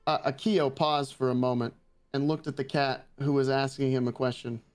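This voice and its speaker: A man's voice: medium pitch, level tone, moderate pace, smooth. A man, a guest reader, reading a fan roleplay aloud with many hesitations. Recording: faint music behind.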